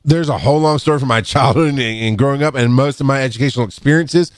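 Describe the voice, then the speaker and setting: A middle-aged man, an EMT and podcast co-host, telling rambling work stories in casual chat and jumping up in pitch to act out other people's lines. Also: quick pace, no echo. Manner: rambling, restarts, acts out quotes in a higher voice. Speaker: podcast co-host, EMS worker. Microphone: studio microphone.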